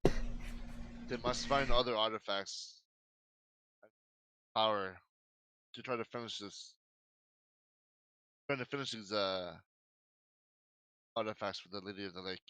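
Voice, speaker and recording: A man voicing a cold, icy woman with a put-on thick Russian accent, speaking in halting, solemn pronouncements. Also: lowish voice, sharp tone, clear, resonant tone, no echo, rough recording.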